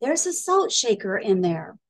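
A woman reading aloud and voicing a gentle, brave female slug in a storybook. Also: mid-range voice, big pitch swings, a little slow.

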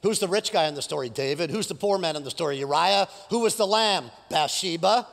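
Bright, animated pastor in a reverberant hall. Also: male voice, fairly high pitch, fairly quick, vocal fry, few pauses. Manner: animated storytelling with acted-out quotes; asks the congregation questions. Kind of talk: sermon. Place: church stage before a congregation.

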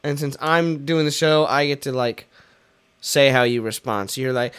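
A man's voice: mid-range voice, normal speed, fairly bright tone, clear, resonant tone. A young man hosting a let's play, rambling jokily and self-deprecatingly as he plays. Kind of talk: casual gameplay commentary.

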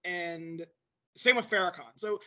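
A man's voice: high voice, a little slow, pushed and bright. A man guesting on a casual sports podcast, matter-of-fact as he reads through stats and roster lists.

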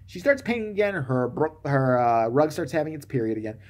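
A man's voice: fairly high pitch, very animated, a little fast. Crude, sarcastic man ranting about a movie. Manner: crude, sarcastic, swings between mumbling and loud bursts. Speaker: vlogger reviewing a movie. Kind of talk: profane comic movie rant.

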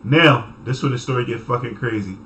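A young man telling a story from his childhood in a casual, animated way, full of cursing and laughter. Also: mid-range voice, a little fast, background noise. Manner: animated, profane, laughing, acts out voices. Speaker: vlogger.

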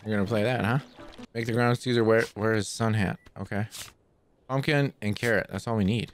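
A man hosting a gaming channel, giving playful, excitable let's play commentary full of trash talk. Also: on the low side, quick pace, soft background music.

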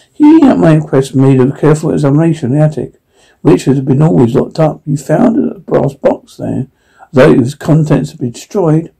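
A man reading a classic story aloud in the first person, with frequent halting restarts. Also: a little high, vocal fry, mellow, husky, poor audio. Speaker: audiobook reader.

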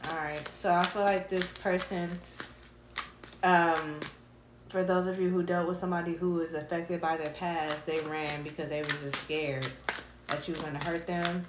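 A woman doing a casual tarot reading, animated and full of slang, laughing and humming between cards. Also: on the low side, normal speed, roomy sound, background noise. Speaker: tarot reader.

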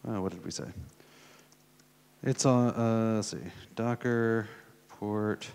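American guy demoing code on stage, lowish voice, big hall echo. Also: steady tone, slow, long pauses, darkish tone, smooth. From United States. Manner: casual, thinking aloud while typing, many fillers. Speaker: conference speaker. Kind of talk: live coding demo talk. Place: conference hall. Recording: long hall reverb from a conference room.

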